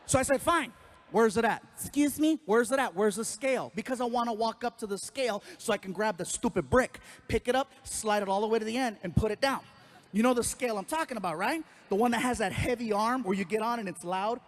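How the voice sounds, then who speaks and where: A man doing stand-up storytelling on a comedy stage with a handheld mic, animated and exaggerated. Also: high voice, quick pace. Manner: animated, exaggerated, big vocal swings. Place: comedy stage before a crowd.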